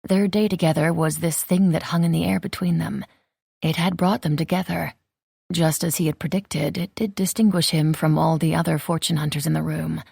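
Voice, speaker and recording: Low, husky woman narrating. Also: steady tone, normal speed, dark tone, dry recording, clean studio sound. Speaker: audiobook narrator. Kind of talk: scripted narration.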